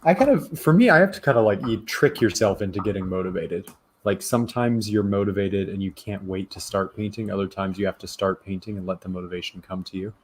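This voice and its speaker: A man's voice: low voice, a little fast, slight background noise. A man teaching artist chatting casually, musing aloud and trailing off into fillers as he thinks. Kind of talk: casual chat while working.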